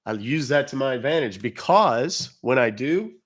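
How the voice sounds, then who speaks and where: A man's voice: medium pitch, lively intonation, normal speed. Chatty American man hosting a livestream. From United States. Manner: chatty, blunt, reads and answers chat comments. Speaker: livestream host. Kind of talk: casual livestream chat with viewers.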